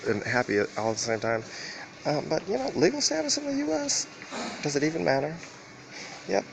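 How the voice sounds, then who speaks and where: A man's voice: mid-range voice, gravelly. A man rambling through a profane, casual monologue while riding a train, laughing often. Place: on a train and station platform. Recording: noisy train ambience.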